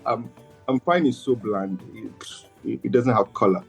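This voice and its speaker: Guy co-hosting a podcast, husky, kinda dull sound and off mic, faint music. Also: medium pitch, moderate pace. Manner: playful, emphatic, stammers at starts. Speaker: podcast co-host. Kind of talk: casual podcast chat.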